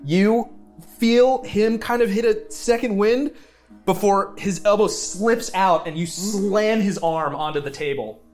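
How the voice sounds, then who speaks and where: A man narrating a tabletop role-playing game as game master, laughing often and talking quickly. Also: high voice, a little mellow, faint music behind.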